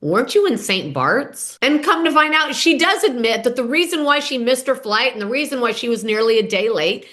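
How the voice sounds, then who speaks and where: A woman's voice: a little fast, few pauses. Chatty woman recapping reality TV gossip. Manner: chatty, acts out quotes with shifting pitch and loudness; candid, swears casually.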